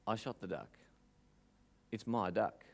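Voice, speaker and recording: A man's voice: lowish voice, expressive, a little slow, gravelly, pitched below the performer's own voice, exaggerated voice. A man doing a stiff big-city lawyer. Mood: stubborn. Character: big tall city lawyer, stubborn and self-assured.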